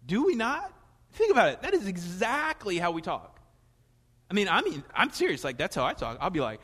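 A pastor preaching a conversational, animated sermon in a church, his voice rising in emphatic questions. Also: high voice, normal speed, breathy edge. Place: church sanctuary. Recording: long hall reverb, faint music.

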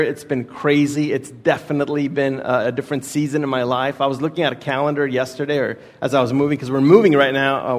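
A man's voice: on the high side, gravelly. A man in his thirties from Texas, a guest preacher telling a personal story in a casual, rambling sermon with many restarts. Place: church sanctuary. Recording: reverberant church hall.

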